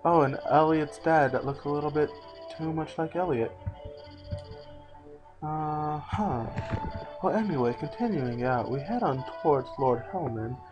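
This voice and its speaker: A man's voice: fairly high pitch, unhurried, pauses often, over music, low-quality recording. A man hosting a let's play, giving casual, sarcastic gameplay commentary and swearing freely.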